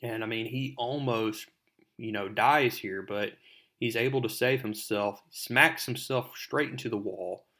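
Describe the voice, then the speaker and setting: A man's voice: mid-range voice, unhurried, pushed and bright. Man casually recapping a comic. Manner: rambling, filler-heavy retelling. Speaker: comic book reviewer.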